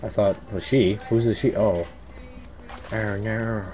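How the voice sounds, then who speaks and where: A man's voice: fairly low pitch, steady tone, takes it slowly, dark tone. A man giving casual, rambling commentary while playing a horror game, easily startled and yelping at scares, on a headset mic. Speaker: let's play commentator.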